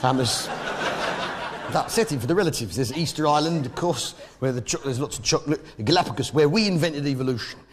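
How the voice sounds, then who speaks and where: A fast-talking man from Britain with a fairly high pitch and a British accent performs stand-up comedy. His manner is brash and blustering as he jokes with the crowd.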